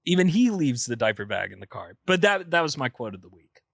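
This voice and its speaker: A man banters on a casual podcast with a bright, forward tone and a quick, jokey delivery. His voice sits at middle pitch and is recorded dry and close, with no echo. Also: very animated, creaky. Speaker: podcast co-host.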